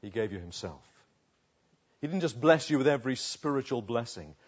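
A man's voice: medium pitch, expressive, breathy edge, muffled recording. Man preaching with dramatic swings in volume. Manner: dramatic swings between hushed and loud passages; slow, emphatic delivery with long pauses. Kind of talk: sermon.

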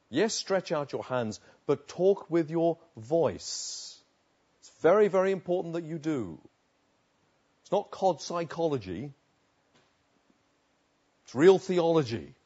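A man's voice: on the high side, big pitch swings, takes it slowly, pauses often, warm tone, breathy edge, highs cut off. A man preaching a sermon in an earnest, emphatic way, repeating phrases for stress. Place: outdoors.

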